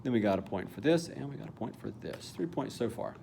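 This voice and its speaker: A man's voice: mid-range voice, expressive, fast, creaky, background noise. A man teaching a calculus problem step by step in a casual, thinking-aloud way, now and then correcting himself. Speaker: math teacher. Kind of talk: calculus lesson walkthrough.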